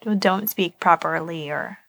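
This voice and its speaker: A woman's voice: fairly low pitch, measured pace, fairly bright tone, no room sound. A woman co-hosting a podcast with her husband, teasing and sarcastic in casual chat. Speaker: podcast co-host.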